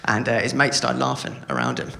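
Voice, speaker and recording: A man's voice: medium pitch, sing-song, brisk, gravelly, pushed and bright. A man doing stand-up comedy on a theatre stage. He rambles and puts himself down, with many stammered restarts. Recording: live theatre recording with noise.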